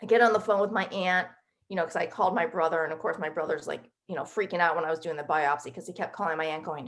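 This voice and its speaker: A woman's voice: lowish voice, fast. Chatty woman telling her story. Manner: chatty, emotional storyteller full of fillers. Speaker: guest author. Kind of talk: personal storytelling interview.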